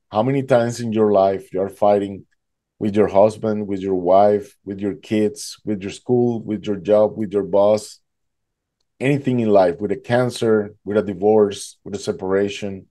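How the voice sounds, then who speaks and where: A man tells a gripping personal story. His voice is dark and mellow at rest. It leaps much higher whenever he acts out his own panicked cries. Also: measured pace. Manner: animated, acts out his own past voice rising high in panic. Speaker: guest telling his story. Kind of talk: emotional storytelling.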